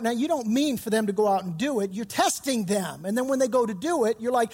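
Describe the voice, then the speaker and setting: A man's voice: very high voice, fairly quick, a little mellow, breathy edge, long reverb tail. A man pastor giving a sermon, retelling scripture in casual, slangy storytelling.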